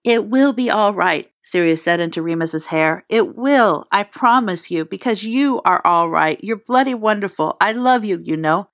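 A woman's voice: expressive, normal speed, few pauses, dry recording, clean studio sound. A woman reading fan fiction aloud as narrator, acting out the dialogue with a lifted voice. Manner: acts out dialogue with raised pitch. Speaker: reader.

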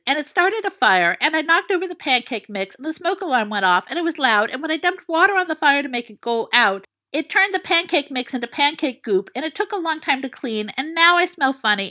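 A woman's voice: high-pitched, bright, forceful tone, pitched above the performer's own voice. A woman reading the part of a cheerful, naive teenage girl who explains things earnestly in long run-on sentences.

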